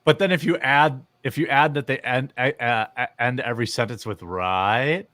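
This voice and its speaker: A man's voice: medium pitch, moderate pace, a bit bright, no room sound. A man hosting a casual livestream, rambling and joking with frequent laughter. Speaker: streamer host.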